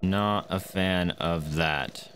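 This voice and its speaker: A man's voice: sits low, steady tone, drawn-out words, a bit bright, a little hiss or hum. A man streaming a video game, chatting casually and reacting aloud to what happens. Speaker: gaming streamer. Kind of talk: casual let's-play commentary. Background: faint game music.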